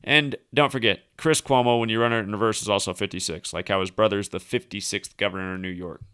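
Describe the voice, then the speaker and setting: Man, livestream host, rambling monologue, bright sharp voice, dry close sound. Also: fairly low pitch, steady tone, fast, clean tone, no room sound. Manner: rambling, reels off number links and asides.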